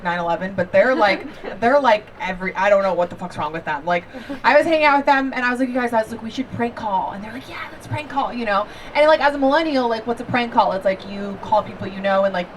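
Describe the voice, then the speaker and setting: A woman in her thirties doing a stand-up set on an outdoor stage, talking in a confessional, chatty way with lots of fillers. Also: medium pitch. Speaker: stand-up comedian. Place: outdoor backyard comedy show. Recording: live crowd, voice a bit distant. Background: laughing audience.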